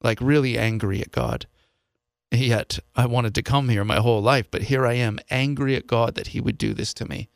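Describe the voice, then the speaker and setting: A man's voice: mid-range voice, fairly even intonation, normal speed, creaky, no echo, clean studio sound. A man from Seattle, a podcast host, telling a personal story in an earnest, confessional way and voicing his past thoughts as quotes. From Seattle, USA.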